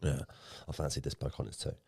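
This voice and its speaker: A young man co-hosting a podcast, telling animated stories and swearing freely in casual chat. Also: a bass voice, fast, vocal fry, breathy edge, no echo, clean studio sound. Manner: animated storytelling, swears often. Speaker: podcast co-host.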